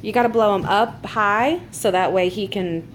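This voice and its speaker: A mother records a relaxed family vlog in her kitchen, full of playful teasing and frequent laughter, with dishwasher noise in the home video. Her voice is mid-range and her speed normal.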